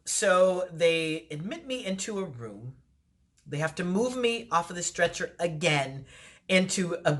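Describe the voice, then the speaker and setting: A woman entertainer telling a personal story in a casual storytime vlog, animated and laughing often. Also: on the low side. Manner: animated retelling with frequent laughs.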